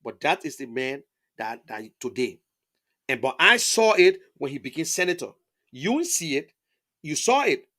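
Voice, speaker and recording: High-voiced Liberian man, emphatic testimony. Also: very animated, normal speed, bright, forceful tone. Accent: Liberian English. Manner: emphatic and repetitive, stacks restatements, stammers on words. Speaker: interviewee, political supporter. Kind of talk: impassioned conversational testimony.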